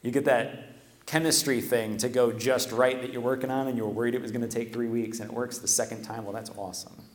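A man delivers a sermon from a church microphone at an everyday middle pitch. He speaks casually and conversationally, tossing in "right?" to keep the congregation with him. His voice rings through a big, echoey church hall with a long reverb tail. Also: level tone, a little fast. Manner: conversational, often tags "right?". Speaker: preacher. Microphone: stands at a microphone.

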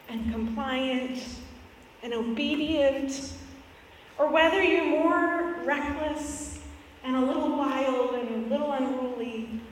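A woman's voice: high voice, slight background noise. A woman in her thirties preaching a sermon as a pastor, telling a family story with playful asides. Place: church sanctuary. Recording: echoey hall from far off.

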